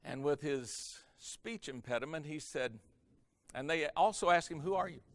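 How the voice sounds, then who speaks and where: A man preaching as a pastor, telling a story in a sermon and swinging his loudness from hushed to loud for effect. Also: on the high side, unhurried, dry recording, studio quality. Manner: animated, varies loudness for effect. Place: church or conference hall.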